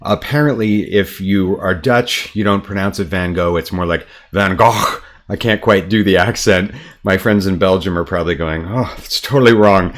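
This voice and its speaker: Low-voiced American man explaining art. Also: normal speed, hardly any pauses. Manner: relaxed and chatty, with frequent ums and uhs. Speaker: artist and art teacher. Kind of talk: casual explanatory talk to camera. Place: his art studio, indoors.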